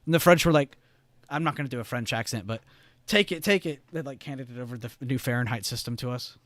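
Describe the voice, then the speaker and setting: A young man from the United States chats loosely with his live-stream audience and drifts from one tangent to the next. His voice sits at an ordinary male pitch. The sound is dry, with no room echo. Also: fairly even intonation, fast talker. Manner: rambling, reads chat aloud, swears casually. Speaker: live-stream trading host. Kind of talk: casual live-stream chat.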